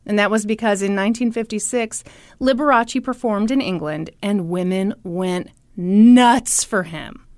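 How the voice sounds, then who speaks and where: A woman's voice: mid-range voice, a little slow, a little mellow, no room sound. A woman co-hosting a podcast in casual chat, joking bawdily at her own expense and swearing freely. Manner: bawdy, self-mocking, swears freely. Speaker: podcast co-host.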